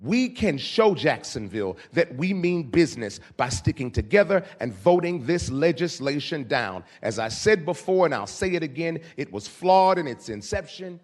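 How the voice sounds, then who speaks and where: Male council member, slightly higher pitch, earnest persuasive floor appeal. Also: very animated, moderate pace, hardly any pauses. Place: council chamber.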